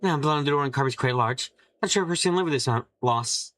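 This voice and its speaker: A man playing a mystery game, reading the characters' lines aloud and giving several of them higher put-on voices. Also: fast, fairly bright tone. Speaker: let's play streamer.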